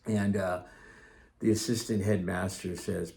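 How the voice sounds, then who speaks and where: A man's voice: low-pitched, fairly even intonation, measured pace, gravelly, darkish tone. A middle-aged man hosting his own podcast, talking casually and earnestly, rambling a little with restarts and asides. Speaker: podcast host. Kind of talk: casual solo talk.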